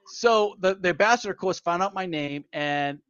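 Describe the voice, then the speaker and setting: A man co-hosting a casual chat, telling animated anecdotes and laughing mid-story. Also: sits high, moderate pace, highs cut off, crowd noise. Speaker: podcast co-host.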